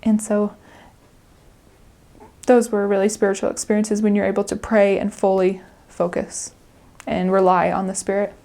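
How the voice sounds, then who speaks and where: A woman's voice: medium pitch, flat delivery, moderate pace, mellow. A young adult woman, a returned missionary, speaking earnestly and chattily in an interview and often breaking into laughter. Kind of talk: interview reflection.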